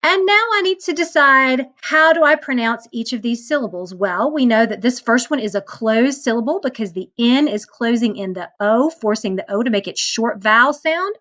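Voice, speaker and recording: A woman's voice: on the high side, lively intonation, a bit bright. Patient teacher woman walking through phonics. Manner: patient step-by-step instruction, sounding out words slowly. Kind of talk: recorded self-paced phonics lesson.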